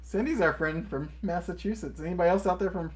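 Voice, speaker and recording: A man's voice: sits high, fast talker. A man co-hosting a live stream in casual chat, upbeat and friendly as he reads out and answers viewer comments. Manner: enthusiastic, friendly greetings to viewers.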